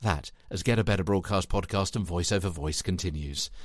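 A man hosting a spoken tutorial podcast, chatty and animated, talking straight to the listener. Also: sits low, fairly quick, noisy background. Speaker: podcast host and voice coach.

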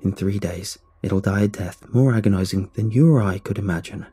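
Man voicing a grim old grandmother, slow and low, dark husky tone, storybook horror. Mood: calm, grim. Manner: slow, low, quietly menacing delivery. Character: stern old grandmother, calm and resolute.

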